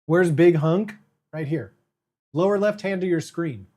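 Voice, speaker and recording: Streamer voice, casual live-stream chat, playful and giggly, mid-pitched. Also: a little slow, dark tone. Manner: playful, chatty, talks to chat, laughs often; eating candy while standing.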